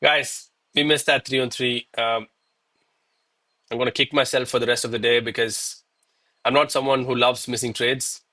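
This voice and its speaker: This South Indian man streams live gold trading commentary, scolding himself in a casual, exasperated tone full of "bro" and "man." His medium-pitched voice is level, at normal speed, and sounds pushed and bright.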